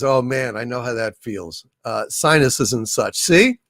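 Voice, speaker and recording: A man's voice: mid-range voice, sing-song, a little slow, hardly any pauses, a bit bright, dry recording, studio quality. A man hosting a livestream, reading viewer comments in rambling, plain-spoken casual chat, congested from allergies. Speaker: livestream host.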